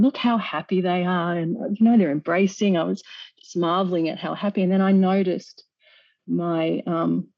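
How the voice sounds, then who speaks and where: A woman's voice: fairly low pitch, gravelly. A woman recounting a personal experience as a guest, earnest, with frequent restarts and small nervous laughs. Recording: dull lo-fi recording.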